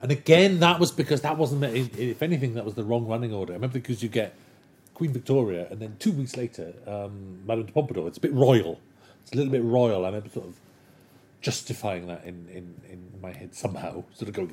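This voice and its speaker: A man chatting as an interview guest, animated and enthusiastic, with rambling anecdotes. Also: fairly low pitch, quick pace, slight background noise. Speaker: guest, television writer. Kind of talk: casual interview chat.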